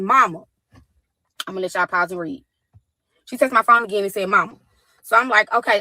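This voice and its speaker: A woman telling a tense story about her daughter, quoting texts and calls in a fast, profane way. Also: fairly high pitch, pushed and bright, no room sound, poor audio. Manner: fast, profane retelling with quoted dialogue. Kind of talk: animated storytelling.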